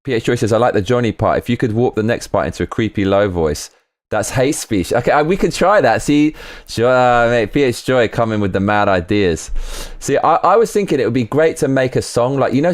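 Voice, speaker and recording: A man streaming live while producing a track, casual and excitable, reading chat aloud and swearing. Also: medium pitch, normal speed. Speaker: streamer making music live.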